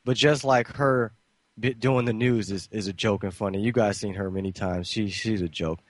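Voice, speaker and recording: A man's voice: lowish voice, steady tone, moderate pace, dry recording, studio quality. A male talk radio host giving loose, slangy, sarcastic commentary between clips.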